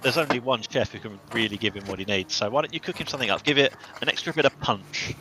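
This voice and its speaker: A man's voice: mid-range voice, quick pace, bright, forceful tone, slight background noise, low-quality recording. A man playing a tabletop game, speaking playfully and expressively as his character. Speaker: player. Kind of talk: tabletop role-play, in and out of character.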